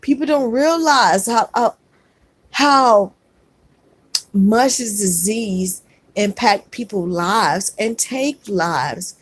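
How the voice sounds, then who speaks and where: A woman's voice: medium pitch, extremely slow. A middle-aged woman hosting a casual livestream, reading viewer comments aloud and answering with earnest comfort, often saying "y'all.".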